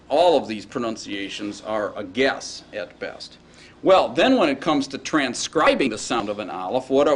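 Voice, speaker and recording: Halting male teacher lecturing a class. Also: medium pitch, slight background noise. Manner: informal, halting, checks in with the class often.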